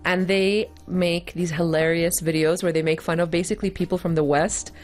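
A woman's voice: lowish voice, fairly even intonation, normal speed, darkish tone. A woman co-hosting a casual chat, telling stories with playful asides. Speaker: podcast co-host.

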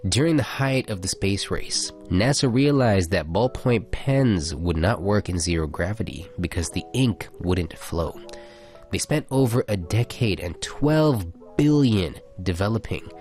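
Low-voiced young man reading jokes aloud. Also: animated, unhurried, darkish tone, soft background music. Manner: reads jokes in a dry storytelling tone, laughs often. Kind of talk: casual chat, reading aloud.

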